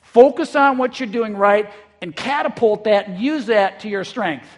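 A male pastor preaching a conversational sermon. He is lively and repeats words when he gets excited. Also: high-pitched, moderate pace. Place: church in eastern South Dakota.

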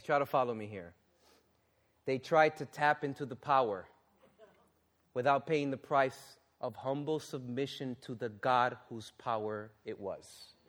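A man preaching a sermon and reading scripture, exclaiming and questioning the congregation, then dropping to a low, earnest tone for serious points. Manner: animated, exclaiming and asking the audience questions.

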